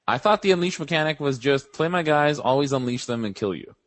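A man's voice: fairly high pitch, brisk, no echo. A young man co-hosting a podcast, telling rambling stories in casual, profane chat. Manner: rambling, animated storytelling with profanity. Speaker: podcast co-host.

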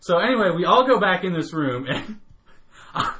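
Here a podcast co-host with a high-pitched, pushed, bright voice spins a long story at normal speed, his pitch swinging widely. The chat is casual, and he laughs often and curses without restraint.

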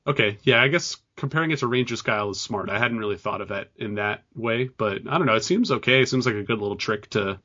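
A man's voice: lowish voice, fast talker, hardly any pauses, sharp tone. A man co-hosting a casual podcast, leading the discussion and reading out card details. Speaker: podcast co-host. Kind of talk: casual chat. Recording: dull lo-fi sound.

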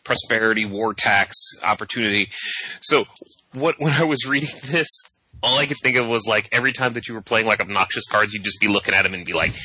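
A man's voice: lowish voice, quick pace, sharp tone, breathy edge, no room sound, low-quality recording. A man co-hosting a card game podcast, chatting casually in a joking, rambling way. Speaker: podcast co-host. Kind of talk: casual chat.

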